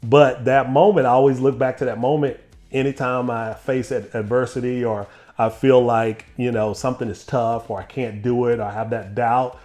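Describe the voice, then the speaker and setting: A man hosting an interview, telling a personal story in a lively, laughing way. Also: medium pitch, moderate pace. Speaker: interview host. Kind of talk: casual storytelling chat.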